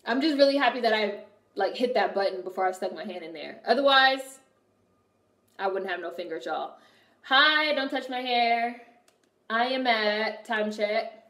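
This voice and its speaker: A young woman streaming and chatting casually with her viewers, telling animated stories full of swearing. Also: a little high, moderate pace. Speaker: streamer reacting to a movie and reading chat. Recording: echoey room.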